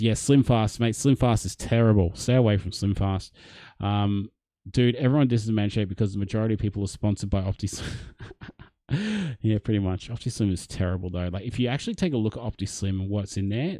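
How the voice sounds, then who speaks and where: Chatty Australian bloke, low and mellow. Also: male voice, animated, a little fast, no echo. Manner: chatty and matey, reads comments aloud. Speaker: livestream host. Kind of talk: casual livestream chat answering comments.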